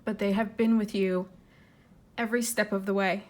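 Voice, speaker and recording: A woman giving an intuitive tarot reading, speaking gently and earnestly with frequent fillers and restarts, holding back tears. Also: medium pitch, steady tone, moderate pace. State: tearful, fighting emotion. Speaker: tarot reader.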